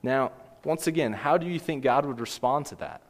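A man's voice: mid-range voice, normal speed. Earnest male pastor in a reverberant hall. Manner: earnest, asks the listeners direct questions and repeats key points. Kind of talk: sermon.

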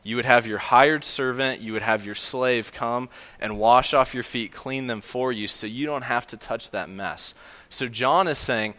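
Male pastor mid-sermon; bright, forceful tone, earnest and emphatic delivery. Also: mid-range voice, unhurried, in a large hall. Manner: earnest, emphatic, with fillers and restarts.

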